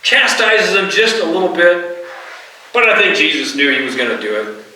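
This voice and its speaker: Middle-aged pastor preaching in a roomy church. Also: male voice, high voice, normal speed, bright, forceful tone, slight background noise. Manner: conversational, often asks the congregation "right?". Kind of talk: sermon. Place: church sanctuary. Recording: roomy hall, distant mic.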